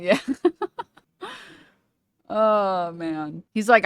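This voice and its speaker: A woman's voice: fairly low pitch, takes it slowly, long pauses, clean tone, no echo. A young woman streaming a reaction, her voice dry and close with no room sound. She laughs a lot, swears casually, and trades sarcastic jabs at what she's watching.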